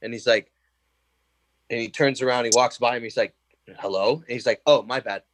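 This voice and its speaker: Young male guest, lively storyteller on a remote call, dry and close sound. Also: mid-range voice, fairly quick, dry recording. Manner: animated storyteller, acts out quotes, laughs often. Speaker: podcast guest. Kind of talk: casual chat.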